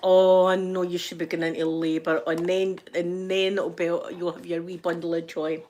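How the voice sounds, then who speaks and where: A woman's voice: on the low side, level tone, moderate pace, darkish tone. An older woman with a Scottish accent, chatting casually to her viewers and laughing often as she rambles through stories. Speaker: vlogger reading live chat. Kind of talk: casual chat.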